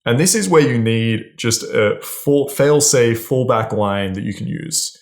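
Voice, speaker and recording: A man's voice: mid-range voice, a little slow, gravelly. A man giving casual, blunt dating advice straight to camera, swearing freely and often checking in with "right?". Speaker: dating coach.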